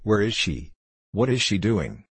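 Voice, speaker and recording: A man's voice: on the low side, big pitch swings, unhurried, husky, dry recording, full character voice. A man voicing a lovesick young king who speaks in an anguished, pleading way.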